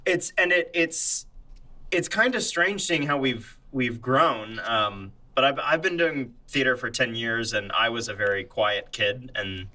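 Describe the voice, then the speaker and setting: A young man with a mid-pitched, bright voice speaks in a casual podcast chat. He is reserved and hesitant, often restarting his sentences. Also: a little slow, rough recording. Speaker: podcast co-host.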